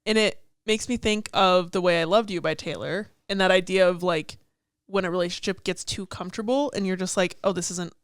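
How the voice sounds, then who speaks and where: Young woman, twenties, podcast co-host; smooth, clear voice, chatty, heavy on "like", dry close sound. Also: fairly low pitch, fairly quick, dry recording. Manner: chatty, fond of "like", swears casually. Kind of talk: casual chat about song lyrics.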